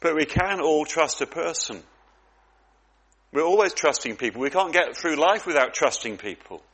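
A man's voice: on the high side, lively intonation, moderate pace, a bit bright, slightly rough. A man preaching a sermon, earnest and reflective, often repeating words as he goes.

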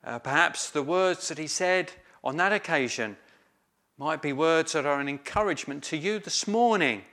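A man preaching a sermon slowly and emphatically, with some hesitant fillers. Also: fairly high pitch, sharp tone.

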